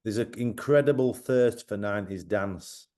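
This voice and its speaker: A man on a radio interview, explaining his club night in a relaxed way. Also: lowish voice, moderate pace. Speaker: guest, event organiser.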